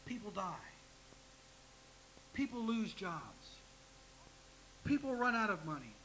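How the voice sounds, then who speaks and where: A man's voice: sits high, very animated, slow, fairly bright tone, slight background noise, rough recording. A man preaching a folksy sermon, teasing himself and asking the congregation direct questions. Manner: folksy, self-deprecating, talks straight to the congregation.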